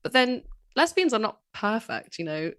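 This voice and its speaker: A woman's voice: a little high, normal speed, clean tone, no echo, clean studio sound. A woman with a Manchester accent, chatting enthusiastically as a podcast guest about history. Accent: Northern English, Manchester. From Manchester, England. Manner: enthusiastic, animated storyteller. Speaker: guest author. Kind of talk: casual podcast chat.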